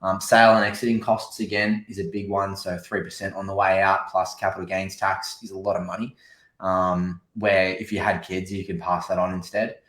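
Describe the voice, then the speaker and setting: An Australian man with a very low voice co-hosts a casual podcast and works through his points steadily. His voice carries a roomy echo. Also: level tone, moderate pace, fairly bright tone. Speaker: podcast co-host.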